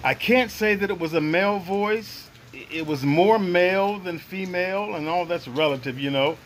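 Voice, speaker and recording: Earnest high-voiced man telling his story. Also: normal speed, slight background noise, low-quality recording. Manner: earnest, reflective, searching for words. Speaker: guest sharing a personal experience. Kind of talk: first-person storytelling.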